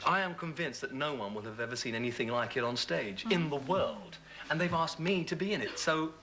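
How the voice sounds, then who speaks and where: A man, a singer chatting as a guest on a TV talk show, animated and quick to laugh. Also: on the high side, slight background noise. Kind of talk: casual TV chat.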